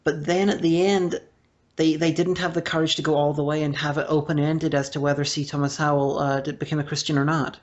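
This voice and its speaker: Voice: medium pitch, little pitch movement, brisk. Hesitant speaker on a dull lo-fi podcast recording. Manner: hesitant, many restarts and fillers. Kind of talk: casual film discussion. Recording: dull lo-fi audio.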